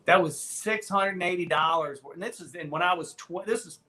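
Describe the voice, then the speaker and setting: Animated, profane storyteller in his fifties. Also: sits high, a little fast. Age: 50s. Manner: animated, profane, jumps between voices. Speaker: podcast host. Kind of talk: casual storytelling.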